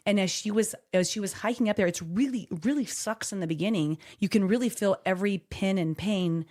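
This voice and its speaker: A woman's voice: medium pitch, brisk, hardly any pauses, darkish tone. A middle-aged woman hosts a casual podcast and turns a story into lessons about life. She speaks in an encouraging, coaching way, building her points step by step. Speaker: podcast co-host.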